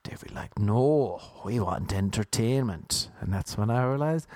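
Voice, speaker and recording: A man's voice: lowish voice, expressive, moderate pace, hardly any pauses, darkish tone, no room sound. A young man from Ireland with an Irish accent, riffing through a playful, rambling comic monologue that slips into crooned sing-song lines.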